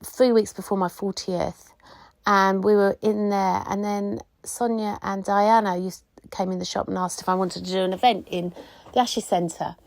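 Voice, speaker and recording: A woman's voice: medium pitch, steady tone, normal speed, darkish tone, no room sound. A middle-aged woman, hosting a casual solo podcast and reminiscing in a rambling way with many asides. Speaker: podcast host.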